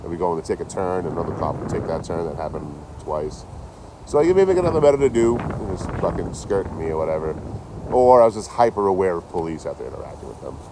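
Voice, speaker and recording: A man chatting casually to his livestream chat outdoors, telling stories in an animated, swearing way. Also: low voice, fast talker, background noise. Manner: animated, swears a lot, talks to chat by name.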